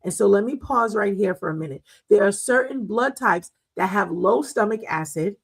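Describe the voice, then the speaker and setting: On a poor-quality recording, a middle-aged wellness show host tells stories in a relaxed, chatty way, with frequent laughter and fillers. Her medium pitch is animated and moderately paced, with vocal fry and a slight roughness.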